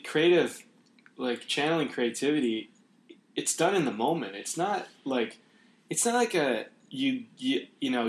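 A man's voice: medium pitch, reverberant. A man hosting a podcast, talking casually and reflectively with many restarts. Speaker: podcast host. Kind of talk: casual conversation.

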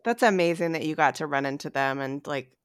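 A woman's voice: low-pitched, brisk, clean tone, no room sound, studio quality. A woman hosting a casual chat, an attentive listener who often murmurs agreement. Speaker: podcast host.

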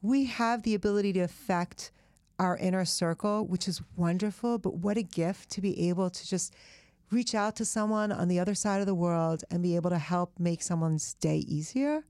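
A woman's voice: lowish voice, normal speed, darkish tone, clear, resonant tone, no room sound, clean studio sound. A woman author being interviewed on a podcast, speaking earnestly and thoughtfully in casual chat. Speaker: author and guest.

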